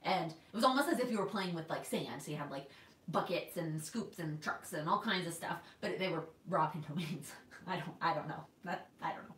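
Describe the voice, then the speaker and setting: A woman's voice: fairly low pitch, a little fast, a bit bright, reverberant, recorded from a distance, slight background noise. A woman in her twenties from Texas, chatting casually on a livestream and reading out viewer comments. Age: 20s. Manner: chatty, reads viewer comments aloud, restarts often. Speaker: planner vlogger. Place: home in New York.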